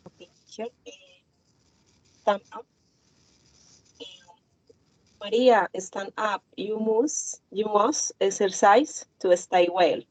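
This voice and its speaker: A woman's voice: mid-range voice, slow, pauses often, no echo, rough recording. A woman student with a Spanish accent, giving a short English example and then explaining it in Spanish.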